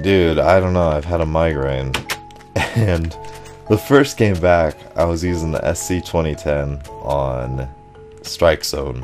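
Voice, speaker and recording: Low-voiced young man chatting over gameplay. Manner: rambling, excitable storytelling with laughs. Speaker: gaming channel host. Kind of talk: casual commentary over gameplay.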